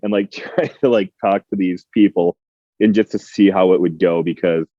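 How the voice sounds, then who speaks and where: Giggly, rambling low-voiced male guest. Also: steady tone, normal speed, dark tone, dull audio. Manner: rambling, giggly, crude humor. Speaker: podcast guest. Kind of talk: casual podcast chat.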